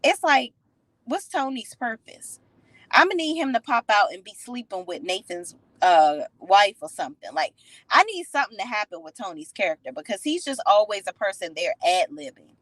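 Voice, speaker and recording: A woman giving a casual recap of a TV episode, sassy and opinionated, retelling scenes with animated commentary. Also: mid-range voice, normal speed, no echo, poor audio. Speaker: TV show recap reviewer.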